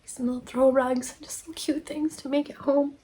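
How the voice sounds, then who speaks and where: A woman's voice: high-pitched, steady tone, moderate pace, mellow. Giggly, emotional woman. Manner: emotional and giggly, gushing thanks. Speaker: crafting channel host. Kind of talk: casual chat while opening mail.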